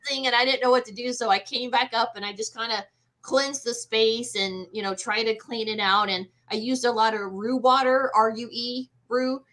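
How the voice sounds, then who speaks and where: A woman's voice: fairly high pitch, normal speed, poor audio. A middle-aged woman, a medium, casually telling a personal ghost story and acting out the voices in her quotes. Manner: animated, acts out voices in quotes. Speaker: guest medium.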